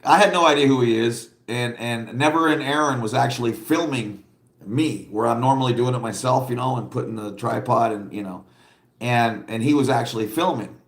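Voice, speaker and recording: A man talks casually to his livestream viewers, rambling and blunt, often breaking into laughter as he reads their comments. His voice sits at an ordinary middle pitch. The sound carries a roomy echo. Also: moderate pace. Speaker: livestream host.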